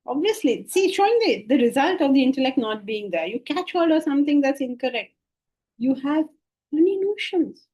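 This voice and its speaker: Middle-aged woman, lecture-hall teacher, mellow tone, animated and questioning. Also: sits high, normal speed. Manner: animated, questioning, shifts between soft and emphatic. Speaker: Vedanta teacher. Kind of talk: scripture class lecture. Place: classroom with listeners.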